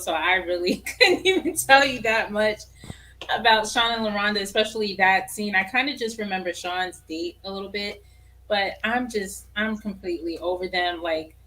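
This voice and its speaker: Female panelist, blunt and exasperated, bright voice. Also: mid-range voice, slight background noise. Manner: frank, exasperated opinions. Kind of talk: casual podcast chat.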